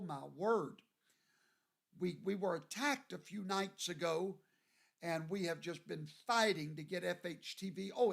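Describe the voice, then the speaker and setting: A man from Louisiana, hosting a livestream and greeting viewers by name in a folksy, drawn-out way. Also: high-pitched, gravelly, a bit bright. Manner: folksy, drawn-out, reads viewer names aloud. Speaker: show host.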